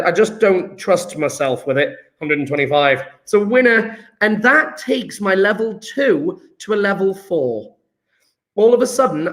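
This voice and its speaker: Excitable chatty male teacher. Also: high-pitched. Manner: chatty, self-mocking, excitable asides. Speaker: chemistry teacher. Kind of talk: live online class lesson.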